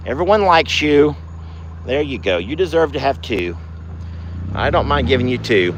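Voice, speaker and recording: A man hosting a casual ranch vlog outdoors at night, drawling to viewers and cooing in a high sing-song at his cows. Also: very animated, moderate pace, pauses often, slight background noise. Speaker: ranch vlogger.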